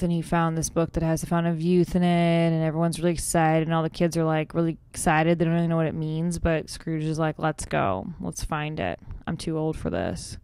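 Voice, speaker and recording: A woman's voice: deep voice, darkish tone, smooth, no echo. A woman guest-hosting a podcast, giving a flippant, rambling comic recap of a cartoon episode, full of "like".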